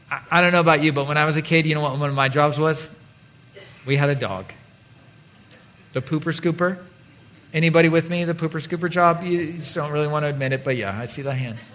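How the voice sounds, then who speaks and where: A man delivers a sermon in a church with a casual, joking manner. His voice sits a little high for a man, and he talks to the congregation as if chatting with friends. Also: bright, forceful tone. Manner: conversational and playful, with mock voices. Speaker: pastor.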